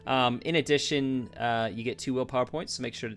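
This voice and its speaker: A man's voice: medium pitch, fairly even intonation, brisk, faint music behind. Hesitant male game master. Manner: hesitant, many fillers and restarts. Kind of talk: narrating a tabletop game.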